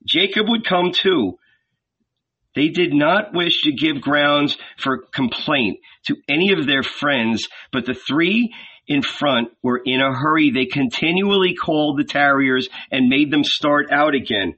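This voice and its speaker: A man narrating a novel aloud in a slow, measured reading with many pauses. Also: fairly high pitch, expressive, sharp tone, breathy edge. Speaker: audiobook reader. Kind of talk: scripted literary narration. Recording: dull lo-fi recording.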